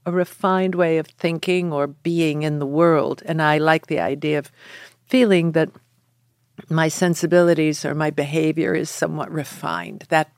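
A woman's voice: low-pitched, steady tone, normal speed, no room sound, studio quality. A woman in her seventies from the Buffalo area, talking with refined, trained theatrical diction and laughing easily as an interview guest. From Buffalo area, New York. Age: 70s. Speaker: actress guest. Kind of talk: interview conversation.

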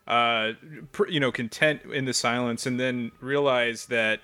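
A man's voice: mid-range voice, steady tone, a little slow, pushed and bright, smooth. A man playing a tabletop game, hesitant and thinking aloud. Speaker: player.

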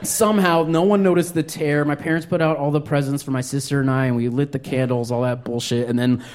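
A young man doing stand-up comedy, telling a story in an animated, self-mocking way and acting out his younger self. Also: on the high side, fast talker.

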